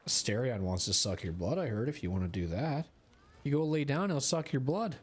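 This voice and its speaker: A man's voice: medium pitch, expressive, a little fast, breathy edge. A man streaming a video game, chatting and teasing in a joking, casual way.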